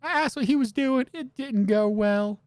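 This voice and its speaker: A man's voice: very high voice, normal speed, no echo, studio quality, pitched above the performer's own voice. A man voicing a worried otter wife pleading with a detective about her husband, in a raised girlish voice. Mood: anxious. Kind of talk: game dialogue read aloud.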